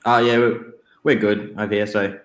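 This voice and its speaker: A lower-voiced man with an Australian accent speaks modestly over a remote call, pausing with fillers. His voice sounds roomy, as if in an echoey space. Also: flat delivery. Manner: modest, hesitant, many fillers. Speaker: caller. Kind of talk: casual chat.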